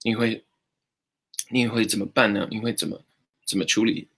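Speaking at a moderate pace with fairly even intonation, a man with a fairly low, breathy-edged voice hosts an English lesson streamed live. He cheerfully welcomes and praises viewers by name and corrects their sentences. His delivery is upbeat and shifts between English and Mandarin.

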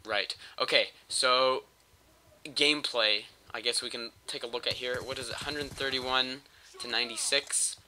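Sharp-voiced man with a cold, rambling. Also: medium pitch, steady tone, a little slow. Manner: rambling, joking and crude. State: sick with a cold. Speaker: gaming channel host. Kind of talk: gameplay commentary voice-over.

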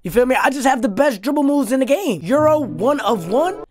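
This gaming YouTuber is a young man with a very high yet darkish-toned voice, speaking briskly and animatedly as background music plays. He trash-talks with hype and profanity, roasting his opponents in fun mid-game.

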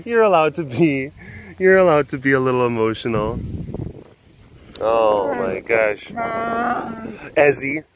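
A man's voice: mid-range voice, unhurried, pauses often. A man hosting a wildlife facility webcast outdoors in a casual vlog style, gushing and baby-talking to the animals.

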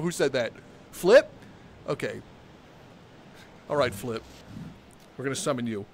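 A man live-streaming a game, joking with his chat, with bursts of laughter and loud theatrical exclamations. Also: mid-range voice, animated, measured pace, gravelly, pauses often, a little hiss or hum.

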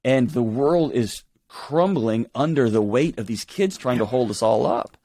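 A man speaking as a guest in an interview, emphatic and animated, acting out quoted voices as he talks. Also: medium pitch, unhurried. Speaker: guest author. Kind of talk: conversational interview.

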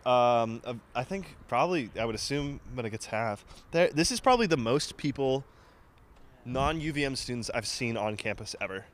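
A man's voice: medium pitch, animated, slight background noise. Chatty young male stream host. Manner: halting, filler-heavy, chatty. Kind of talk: casual live-stream chat. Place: outdoors on a campus. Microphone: handheld mic.

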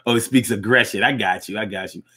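A man hosting a call-in show, reacting to comments in a loose, slangy, animated way. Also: fairly low pitch, fast talker, slightly rough. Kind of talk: casual live show chat reading comments.

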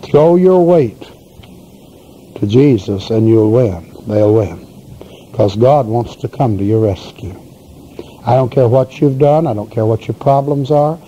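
A man's voice: medium pitch, lively intonation, a little slow, mellow. A male pastor preaching a sermon in a folksy, emphatic storytelling manner. The voice is heard on a dull, lo-fi recording with faint hiss.

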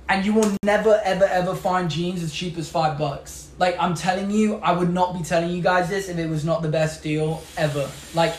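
A young man from England with a British accent hosts a casual live stream, chatting upbeat, showing off clothes and gadgets and answering viewer comments. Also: high voice. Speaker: livestream host. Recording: echoey room with faint background noise.

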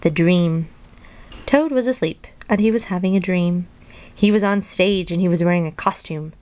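A woman reading a children's storybook aloud in an even storytelling voice, then chatting casually about it. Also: lowish voice, moderate pace. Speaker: reader and video host.

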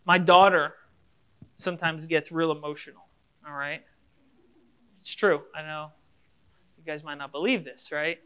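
A man's voice: on the high side, fairly even intonation, measured pace, pauses often, a bit bright, clean tone. A male pastor giving a casual, conversational sermon, speaking straight to his listeners and acting out imagined back-and-forth dialogues.

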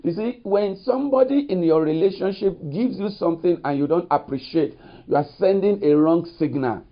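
A man's voice: high voice, moderate pace. A man preaching a recorded sermon as pastor, leaning often on "you see" and "you know". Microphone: studio mic. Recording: dull lo-fi recording.

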